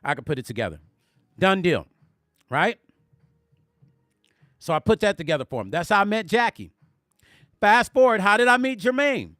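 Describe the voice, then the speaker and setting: A man hosting a music vlog, telling stories in an animated, conversational way and speaking directly to his viewers. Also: high voice, moderate pace, long pauses, dry recording, studio quality. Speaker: music vlogger. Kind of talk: storytelling on a live stream.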